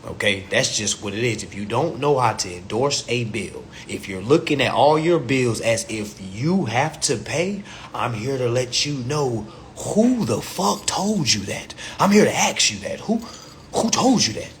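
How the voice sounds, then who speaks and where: Animated man ranting on a livestream. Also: medium pitch, a little slow, a little hiss or hum. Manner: animated, profane street slang, acts out little dialogues. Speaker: host of a livestream. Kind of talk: casual livestream rant.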